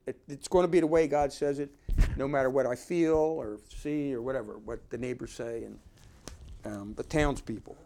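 A man's voice: a little high, darkish tone, a little hiss or hum. A man giving informal Bible teaching, talking conversationally and reading verses aloud with emphasis. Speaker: preacher.

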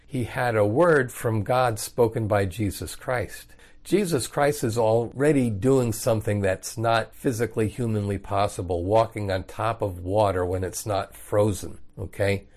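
A man's voice: fairly low pitch, measured pace, hardly any pauses, darkish tone. A man teaching the Bible verse by verse in a casual, conversational way, reading passages and explaining them in everyday words.

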